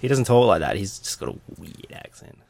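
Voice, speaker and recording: A young man, chatting on a podcast in a relaxed, dry way. His voice sits on the low side but swings widely in pitch, and he laughs easily between lines. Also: a little fast, gravelly, slightly rough. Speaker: podcast co-host. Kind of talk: casual podcast chat.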